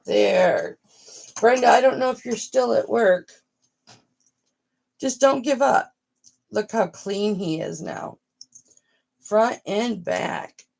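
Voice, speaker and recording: Gravelly, slow-talking motherly woman. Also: medium pitch, a little mellow. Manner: frank, swears freely, motherly. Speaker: live-stream host. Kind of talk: casual live-stream chat.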